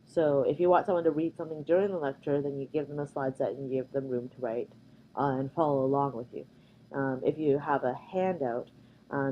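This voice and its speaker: A woman's voice: low-pitched, lo-fi sound, slight background noise. A woman from Canada giving a conversational recorded slide lecture, with frequent ums and uhs. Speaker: workshop presenter.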